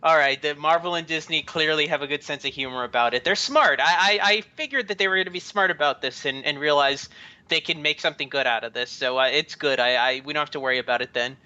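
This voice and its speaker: A man's voice: on the high side, fast, bright, forceful tone, clean tone, lo-fi sound. A man hosting a casual group chat show, stammering and restarting often and laughing a lot. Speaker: podcast host.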